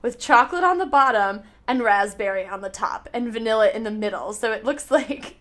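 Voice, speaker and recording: Animated high-voiced young woman chatting. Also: fairly quick. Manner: animated, rambling storytelling with frequent "like". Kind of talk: casual chat.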